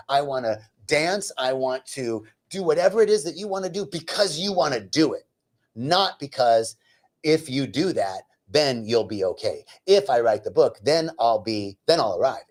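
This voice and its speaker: A man at a middle pitch giving a spiritual talk in a lively, conversational way. He mixes teaching with personal anecdotes, pokes fun at himself and keeps checking in with his listeners. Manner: animated, self-deprecating humor; conversational, lots of "right?" asides.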